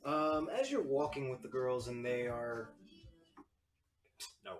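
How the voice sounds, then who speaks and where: A man running a tabletop game as game master, narrating in a relaxed, hesitant way with many fillers. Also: medium pitch, takes it slowly, far from the mic. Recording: echoey room, voice off-mic, faint music.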